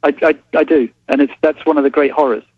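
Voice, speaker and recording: A man with a London English accent, calling in as a reporter and reflecting in a halting way with many restarts, heard over a phone line. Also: a little high, steady tone, breathy edge, no echo. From England. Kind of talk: phone-in interview.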